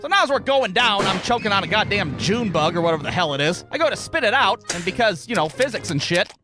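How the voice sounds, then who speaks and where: A young man streamer telling a comedic story, profane and animated, slipping into voices. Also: sits high, quick pace, over music.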